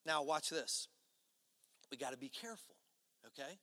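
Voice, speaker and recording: A man preaches a sermon with a high, bright voice that rings out in a church hall with a long reverb. He talks to the congregation conversationally, pushing some lines out loud and dropping others to a low hush. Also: expressive, moderate pace. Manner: conversational preaching, swinging between loud emphatic and hushed low delivery. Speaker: pastor.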